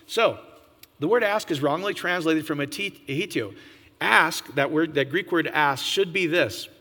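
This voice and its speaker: A man preaching an informal sermon, animated, often jumping to a high, excited pitch and asking his listeners questions. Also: long reverb tail. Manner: animated, jumps to high excited pitch, laughs, asks the audience.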